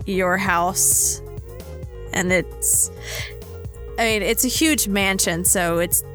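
A woman's voice: lowish voice, fairly bright tone. A young adult woman narrating a tabletop role-playing game as game master, casual and rambling.

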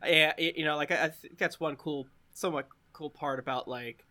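Bright-voiced joking man. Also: a little high, fairly even intonation. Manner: quick, joking, rambling with fillers. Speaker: podcast co-host. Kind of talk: casual chat.

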